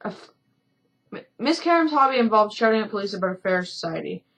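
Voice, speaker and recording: Woman voices a rich playboy, breezy and self-amused, mid-pitch, story game read-along. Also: very animated, quick pace, a bit bright, poor audio. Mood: teasing. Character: wealthy carefree young man, jokey drunk.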